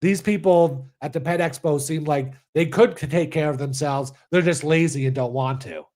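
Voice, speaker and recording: A man's voice: a little high, moderate pace, darkish tone. A man co-hosting a casual podcast who laughs often and chimes in with short reactions and jokes. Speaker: podcast co-host. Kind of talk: casual chat.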